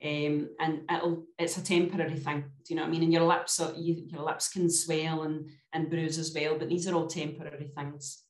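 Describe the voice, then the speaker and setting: A woman's voice: low voice, level tone, a little fast, few pauses. A woman, a podcast guest chatting casually and telling a story, often checking in with her listener as she goes. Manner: chatty storyteller, often adds "do you know what I mean". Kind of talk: casual chat. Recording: roomy echo.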